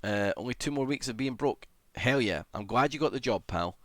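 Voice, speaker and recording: A man streaming live, chatting casually as he reads and answers comments, with sudden excited shouts. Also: medium pitch, brisk, dry recording, studio quality. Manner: chatty, greets viewers, bursts into excited shouts.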